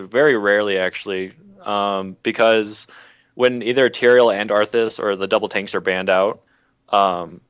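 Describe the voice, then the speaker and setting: A man being interviewed as a guest player, explaining tactics hesitantly with many pauses. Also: lowish voice, clear, resonant tone, no echo. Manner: hesitant, many fillers, soft-spoken. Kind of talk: interview answers on strategy. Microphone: video call.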